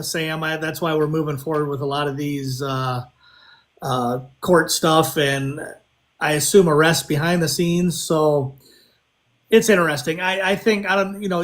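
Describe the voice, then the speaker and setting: A man co-hosting a casual talk show, speaking haltingly with many fillers. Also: a little high, a bit bright. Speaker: co-host. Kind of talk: casual chat.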